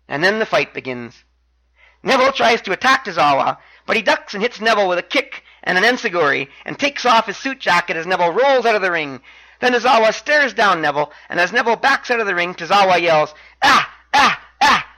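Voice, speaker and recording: A man's voice: high voice, bright, forceful tone, poor audio. A man hosting a podcast, recapping wrestling matches in a chatty way with wry asides. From Canada. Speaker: podcast host.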